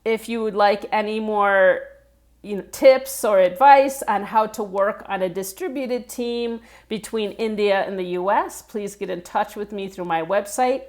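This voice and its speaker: A woman giving a pronunciation lesson, spelling out letters and repeating words slowly and deliberately. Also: mid-range voice, darkish tone. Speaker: pronunciation coach.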